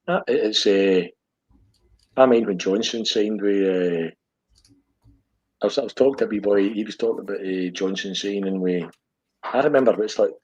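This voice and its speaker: A man's voice: fairly low pitch, normal speed, pauses often, a little mellow, slightly rough. A middle-aged man with a Glasgow accent, hosting a podcast in blunt, sweary football chat and tagging his lines with "eh?". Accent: Scottish, Glaswegian. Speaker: podcast host. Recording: dull lo-fi audio.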